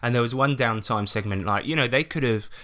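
A man's voice: mid-range voice, a little fast, bright, forceful tone. A man chatting casually as a podcast co-host and game master, telling stories with laughs and the odd swear word. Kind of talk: casual chat.

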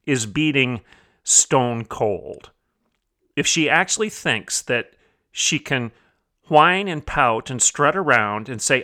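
Pushed and bright, the mid-range voice belongs to a man who hosts a commentary podcast. His opinion monologue is emphatic, full of repeated phrases for stress and rhetorical questions.

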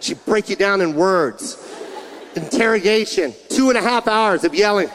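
A male stand-up comedian telling a story with an animated, punchy delivery. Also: high voice, normal speed, noisy background.

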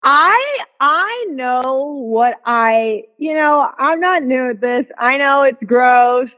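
A woman guest with a shrill voice, chatting casually and laughing through her stories over a remote call. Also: lively intonation, slow pace. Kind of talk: casual podcast chat. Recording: tinny phone-like call line.

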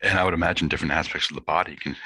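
A man's voice: very deep voice, steady tone, very fast, pushed and bright, husky, dry recording, poor audio. A man hosting an interview, asking long, thoughtful questions in a curious, affirming way. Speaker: podcast host, interviewer. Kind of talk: conversational interview.

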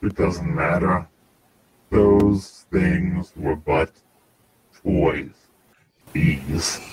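A man voicing a zealous, arrogant male machine-cult priest villain, speaking in slow, solemn declamations. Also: sits low, darkish tone, voice pushed down, rough recording. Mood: cold.

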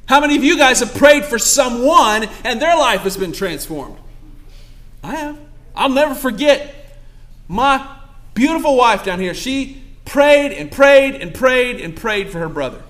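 A man's voice: very high voice, sing-song, unhurried, pauses often, a bit bright. A young pastor preaching a sermon to his congregation, calling out asides and asking for amens. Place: church sanctuary.

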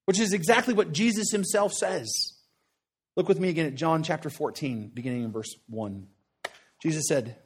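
A man's voice: a little high, normal speed, breathy edge. A man preaching a sermon in a conversational, earnest way, often checking in with "right?" and repeating short phrases for emphasis.

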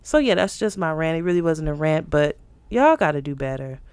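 A woman with a low, smooth voice talks a little fast as a podcast co-host, recorded with no room sound. In casual chat she tells an animated story, acting out the people she quotes.

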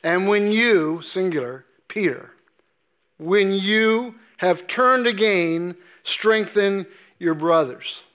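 A man preaches a sermon from the pulpit of a church, pacing his words slowly and stretching out the lines he quotes from scripture for weight. His voice sits high for a man. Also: fairly bright tone. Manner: slow, deliberate preaching with emphatic drawn-out scripture quotes. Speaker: pastor. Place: church sanctuary.

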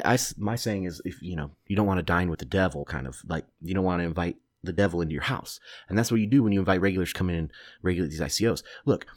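Deep-voiced blunt podcaster, dry sound. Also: male voice, a little mellow, no room sound. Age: 30s. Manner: blunt, opinionated, swears, rambling with restarts. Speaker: podcast host. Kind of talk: solo commentary podcast.

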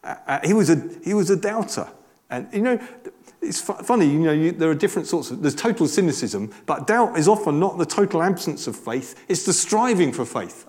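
Guy preaching, chatty and earnest, slightly high voice, lots of restarts. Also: very animated, moderate pace, darkish tone. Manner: earnest, conversational, many restarts. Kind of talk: sermon.

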